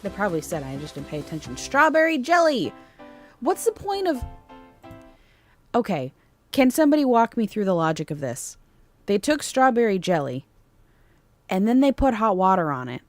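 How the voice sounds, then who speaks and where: A woman's voice: medium pitch, big pitch swings, normal speed, pauses often, soft background music. A woman streaming live, chatting casually and joking about herself while reacting to a cooking video. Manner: playful, self-joking, chatty asides to chat. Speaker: VTuber streamer.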